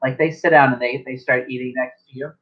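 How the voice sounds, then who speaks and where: A man's voice: medium pitch, fairly even intonation, brisk. Man narrating as game master. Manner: loose, filler-heavy narration. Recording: dull lo-fi sound.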